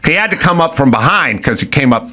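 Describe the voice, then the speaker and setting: A man's voice: fairly high pitch, lively intonation, quick pace, pushed and bright. A middle-aged man telling a rowdy story in casual chat, acting out quotes, swearing and laughing. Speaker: podcast host.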